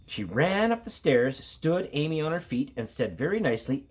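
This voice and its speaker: A man, an elementary school teacher, reading a picture book aloud to children in a playful, expressive way. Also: a little high, normal speed, breathy edge. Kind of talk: read-aloud storytelling for children.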